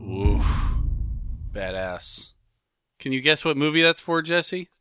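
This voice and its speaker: Podcast co-host, male, playful self-mocking banter, lively bright voice, dry close mic. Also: a little high, slow, smooth, no echo.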